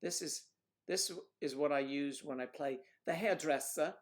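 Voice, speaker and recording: A man's voice: mid-range voice, steady tone, moderate pace. Guy hosting a livestream, goofy rambling chat, playful and jokey. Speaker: livestream host.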